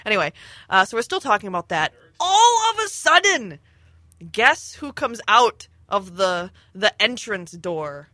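A woman's voice: mid-range voice, sing-song, measured pace, bright, forceful tone, no echo. Giggly rambling woman telling a story. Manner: giggly, rambling with many fillers. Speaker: storyteller on a podcast. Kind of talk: casual chat.

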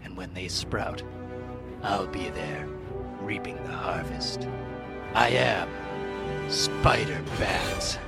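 A man playing an earnest, pompous masked crimefighter in a comedy radio play, with gruff, melodramatic bravado. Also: low-pitched, slow, long pauses, over loud music, full character voice. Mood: heroic.

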